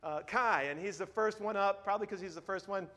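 Pastor guy in his 30s preaching, high voice, earnest, swings quiet to loud. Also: brisk. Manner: earnest, drops to a hush then rises emphatic. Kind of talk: sermon. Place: church sanctuary. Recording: long reverb of a large hall.

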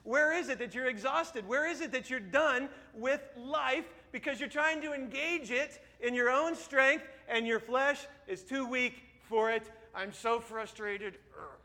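High, bright-voiced pastor in reverberant hall. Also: male voice, a little slow, hardly any pauses. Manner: earnest, drops to a hush then rises emphatic. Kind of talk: sermon. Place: church sanctuary. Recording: long reverb of a large hall.

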